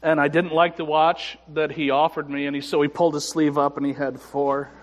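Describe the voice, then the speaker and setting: A man preaching a testimony sermon, his voice sitting slightly high for a man. He drops to quiet, hushed stretches and then lifts into emphatic lines. The sound carries the long reverb of a church sanctuary. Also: level tone, brisk. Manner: personal testimony, shifts between quiet and emphatic. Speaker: pastor. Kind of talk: sermon storytelling.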